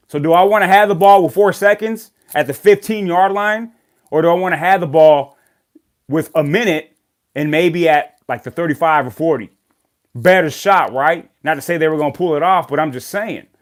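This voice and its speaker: A man hosting a sports show, talking casually and animatedly about football games and ranting loudly when worked up. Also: on the high side, moderate pace. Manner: animated, rants and gets loud when worked up. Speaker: sports podcast host.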